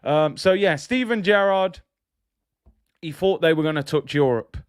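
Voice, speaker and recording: A man's voice: on the high side, unhurried, clear, resonant tone, no echo, studio quality. A man hosting a casual football fan livestream, chatty and slangy. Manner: chatty, slangy, laughs at own jokes. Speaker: football channel host.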